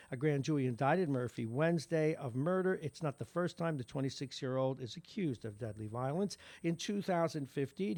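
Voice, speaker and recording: Morning radio host, male, New York accent, gravelly, dry close mic, wry asides between headlines. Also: mid-range voice, a little mellow, no echo. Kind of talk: reading local news with side commentary. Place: radio studio.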